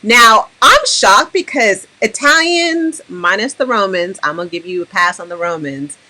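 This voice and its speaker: A young American woman hosting a casual chat, animated and fond of mimicking the people she talks about. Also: medium pitch, normal speed. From United States. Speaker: host.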